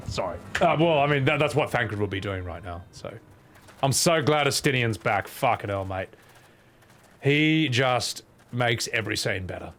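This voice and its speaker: A man's voice: medium pitch, lively intonation, moderate pace, a bit bright, a little hiss or hum. A man with an Australian accent giving casual, sweary, self-mocking commentary while playing a game. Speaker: streamer.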